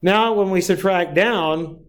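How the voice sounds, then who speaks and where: A man's voice: high voice, slow pace. Man lecturing with constant tag questions. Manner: asks the class frequent tag questions. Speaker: math lecturer. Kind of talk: classroom lecture.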